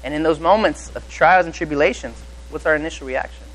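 Fast-talking young male preacher. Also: fairly high pitch, slight background noise, poor audio. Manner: lively storytelling, acting out people in his anecdote. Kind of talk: sermon with personal story.

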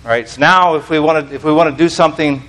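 An American man preaches informally in a small church. His voice sits a little high, and he rambles with fillers and restarts, poking fun at himself. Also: fast, fairly bright tone. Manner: rambling, self-deprecating, many fillers and restarts. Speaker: lay preacher. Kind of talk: informal sermon.

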